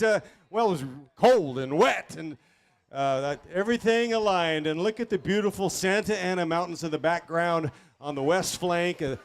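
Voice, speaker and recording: A man co-calling a street bike race outdoors, with flowery, dramatic wording. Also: high-pitched. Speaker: race announcer. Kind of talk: live race commentary.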